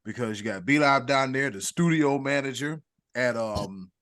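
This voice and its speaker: A man hosting a casual sports podcast, rambling warmly and hyping up his co-hosts with big introductions. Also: mid-range voice, normal speed. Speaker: podcast host.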